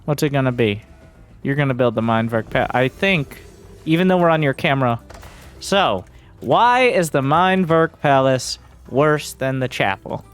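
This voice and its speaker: A man's voice: medium pitch, lively intonation, measured pace, clean tone, faint music behind. Blunt, foul-mouthed male game coach. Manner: blunt, profane, sarcastic.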